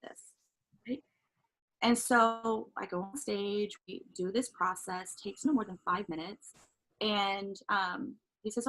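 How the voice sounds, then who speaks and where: A middle-aged woman with a slightly husky, breathy voice tells a personal story as a guest on a talk show. She is animated and playful, acting out quotes and laughing as she goes, with pitch in a middle range. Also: slow, low-quality recording. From Southern California. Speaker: guest, life coach. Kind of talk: casual storytelling.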